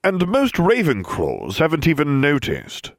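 A man's voice: on the high side, wildly swooping pitch, measured pace, dry recording, studio quality, voice pushed up, heavily acted. A man voicing a cold, sardonic middle-aged schoolmaster who drawls, in an audiobook reading. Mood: sneering.

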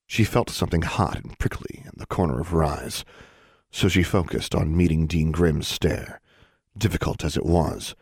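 A man reading a fantasy story aloud as narrator, in an even, steady storytelling manner. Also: deep voice, husky, no room sound, studio quality. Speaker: audiobook narrator. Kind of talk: scripted narration.

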